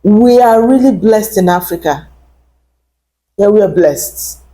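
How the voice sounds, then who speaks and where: A woman's voice: medium pitch, expressive, measured pace, dark tone. A woman vlogger talking to camera in an opinionated rant, emphatic and indignant, repeating her points.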